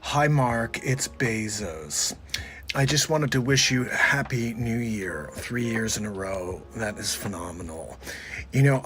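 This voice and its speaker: A man doing a comedy impression of a male business mogul who talks low and breathy. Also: sharp tone.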